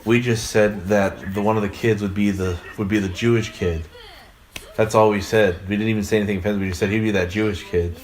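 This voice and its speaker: Young male let's player, rambling anecdotal storyteller, slightly low voice. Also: fairly even intonation, brisk. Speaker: let's play co-host. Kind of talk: casual gaming chat.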